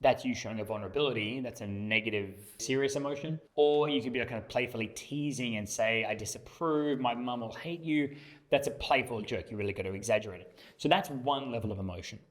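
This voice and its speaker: A man's voice: mid-range voice, fast. A young male dating coach teaching. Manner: emphatic, illustrates with acted examples. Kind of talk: explanatory talk to camera.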